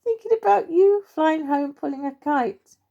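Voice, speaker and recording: A high, bubbly young squirrel boy who can barely hold in his giggles, as a woman puts him on. His voice jumps well above her normal range. The tone stays soft and mellow, suited to a children's storybook. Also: very animated, moderate pace, dull audio, exaggerated voice. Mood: excited.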